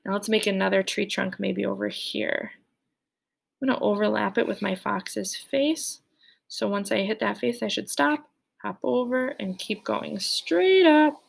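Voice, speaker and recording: A woman's voice: medium pitch, unhurried, vocal fry. A young woman leading a children's drawing lesson, cheerful and playful, speaking directly to the kids. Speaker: art teacher.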